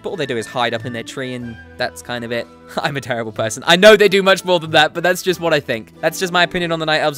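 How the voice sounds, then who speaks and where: A man's voice: fairly high pitch, fairly bright tone. A man hosting a gaming show, giving his opinions in a casual, jokey way with apologetic asides. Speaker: gaming commentary host. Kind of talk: casual solo opinion talk.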